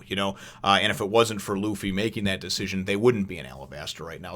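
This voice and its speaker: A man's voice: fairly low pitch, fairly bright tone. A man in his thirties hosting a casual review chat from home, enthusiastic and rambling, restarting his sentences and acting out quotes. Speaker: host of a comic review channel.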